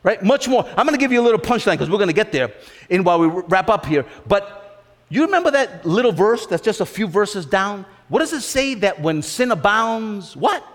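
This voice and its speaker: A man delivers a sermon in a high, animated voice that rises and falls widely. He hammers home phrases by repeating them and keeps asking his listeners questions. The sound trails off in the long reverb of a church hall. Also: fairly quick. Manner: emphatic, repeats phrases, asks the congregation questions. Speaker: preacher.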